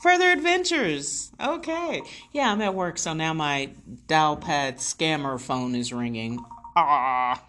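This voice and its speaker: A young adult woman talking in a casual, self-deprecating video diary, shifting from hushed asides to excited storytelling. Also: sits low, takes it slowly, soft background music. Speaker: vlogger. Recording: faint background noise.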